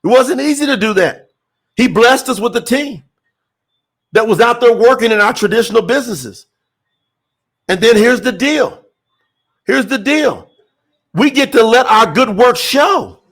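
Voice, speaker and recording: A man preaching an impassioned sermon, repeating phrases for emphasis and reading scripture slowly. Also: very high-pitched, expressive, a bit bright. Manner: reads scripture slowly, word by word. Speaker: preacher promoting a scripture translation.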